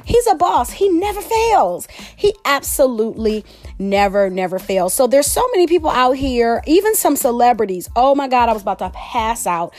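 Animated woman podcasting. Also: on the high side, moderate pace. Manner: animated, exclamatory, chatty. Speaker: podcast host. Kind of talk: casual solo podcast commentary.

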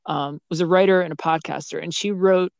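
Relaxed man hosting a podcast, dry sound. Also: fairly high pitch, a little fast, gravelly, no room sound, lo-fi sound. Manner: relaxed, with frequent "you know" and restarts. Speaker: podcast host. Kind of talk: casual interview chat.

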